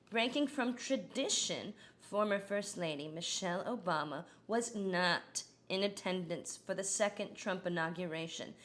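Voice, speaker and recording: A woman's voice: mid-range voice, big pitch swings, unhurried, sharp tone. A woman impersonating a middle-aged female politician as a satirical news anchor, cackling with laughter between crude punchlines. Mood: joking.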